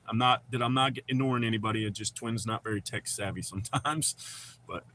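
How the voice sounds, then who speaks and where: A bright, forceful-sounding man, rambling easily through a live chat. He talks in loose slang and greets people as he goes. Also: fairly low pitch, brisk, slight background noise. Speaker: livestream host. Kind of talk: casual live chat reading comments.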